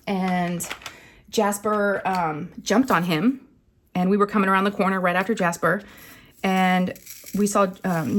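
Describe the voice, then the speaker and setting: A woman, rambling and animated as she tells a story to camera. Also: lowish voice. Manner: chatty, rambling, animated retelling with acted quotes. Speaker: craft channel host.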